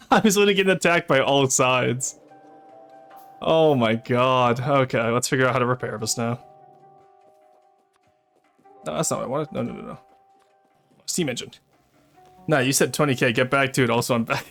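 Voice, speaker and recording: With long pauses and a moderate pace, a man's mid-range, slightly bright voice offers live game commentary, chatting to his viewers and swearing when under fire. Faint music sits in the background.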